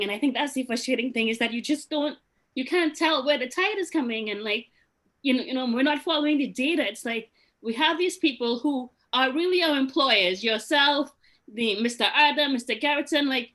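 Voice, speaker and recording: A woman's voice: sits high, a bit bright. A woman, a small business owner speaking up at a meeting, frustrated and pleading, with many restarts. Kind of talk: emotional meeting remarks.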